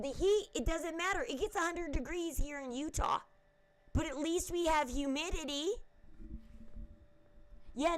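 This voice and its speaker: A woman's voice: sits high, fairly bright tone, poor audio. A woman host rambling casually to her viewers in a chatty, emphatic way. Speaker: channel host.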